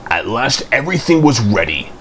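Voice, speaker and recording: A man with a mid-range voice reads a children's storybook aloud at a moderate pace, in an expressive storytelling style.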